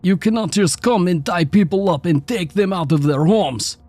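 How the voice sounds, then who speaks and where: A man's voice: sits high, normal speed, a little mellow, no echo, faint music behind, voice pushed up. A man voicing an enraged, stout, hairy male prisoner with a thick accent who snarls insults. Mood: outraged.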